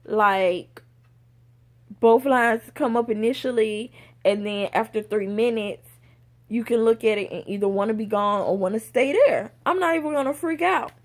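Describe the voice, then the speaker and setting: A young woman vlogger telling a personal story in a casual, animated way, acting out the voices of others. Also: on the high side, moderate pace. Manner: animated, acts out quoted voices.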